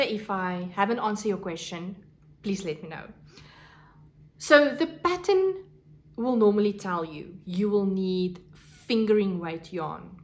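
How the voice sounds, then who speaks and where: A woman hosting a casual crafting podcast, gushing over her things and sometimes dropping to a soft whisper. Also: medium pitch. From South Africa. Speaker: podcast host. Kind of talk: casual show-and-tell chat.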